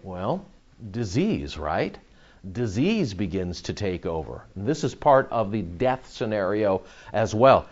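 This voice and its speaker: A man preaching verse by verse, with a voice that swings from hushed to loud as he hammers key words again and again. His delivery is full of fillers and restarts. The recording sounds a little muffled and lo-fi. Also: lowish voice, sing-song, slow pace. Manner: emphatic, repeats words for effect, many fillers. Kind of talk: expository sermon.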